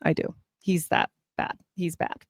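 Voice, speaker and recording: A middle-aged woman giving a personal testimony as a guest, rambling and animated, with laughs and asides. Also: measured pace, no echo, clean studio sound.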